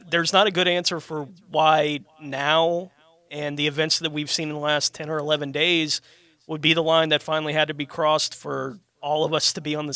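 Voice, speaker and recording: A man co-hosting talk radio speaks in a thoughtful, conversational way. His voice is a little high and bright, and the sound is dry and close. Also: no echo. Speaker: radio co-host.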